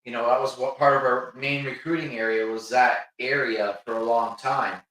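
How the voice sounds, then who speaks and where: A middle-aged man with a Northern New York accent co-hosts a relaxed sports chat, easygoing and chiming in with agreement. His voice is bright. He sits back from the mic in a very echoey room. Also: medium pitch, moderate pace, far from the mic. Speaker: co-host.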